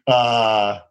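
A man in his thirties, a comedian guest, telling stories casually and acting out people in high excited bursts. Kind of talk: casual storytelling.

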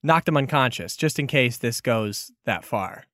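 Slow, playful game master narrating. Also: mid-range voice, expressive, a bit bright, no room sound, studio quality.

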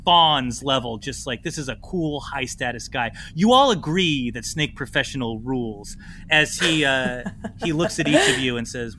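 Lively, bright-voiced male game master. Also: medium pitch, normal speed, slight background noise. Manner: laughing, loose, playful narration. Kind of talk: narrating a tabletop game.

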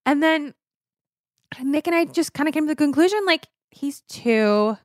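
A woman's voice: high voice, animated, normal speed, no echo, clean studio sound. A woman in her thirties co-hosting a podcast in casual chat, candid and rambling, often correcting herself mid-sentence. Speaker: podcast co-host.

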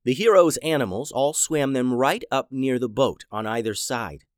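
A man narrating a children's adventure story in an animated, dramatic way. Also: medium pitch, normal speed, no echo, clean studio sound.

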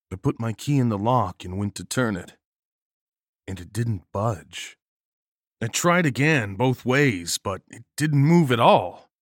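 Low-voiced man narrating horror, dry and close. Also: no room sound. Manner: steady first-person storytelling.

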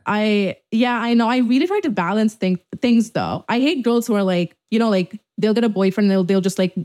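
A young woman co-hosting a podcast in casual chat, animated and swearing freely, acting out quotes in a higher voice. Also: moderate pace. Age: young adult. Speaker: podcast co-host.

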